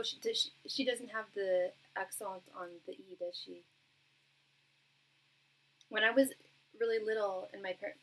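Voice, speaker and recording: A young woman hosts a tarot reading livestream from home, talking with viewers in a loose, chatty way. Her voice sits at an ordinary middle pitch with a slightly husky, breathy edge, and she fills pauses with ums. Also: low-quality recording. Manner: chatty and warm toward viewers, frequent ums and light laughs. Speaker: tarot reader and livestream host. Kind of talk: casual livestream chat with viewers.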